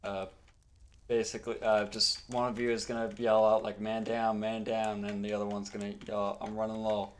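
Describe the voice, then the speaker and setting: A man directing friends' voice lines in a casual voice chat, halting with many fillers. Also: fairly low pitch, completely flat delivery. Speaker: director of a fan video, giving voice lines to friends.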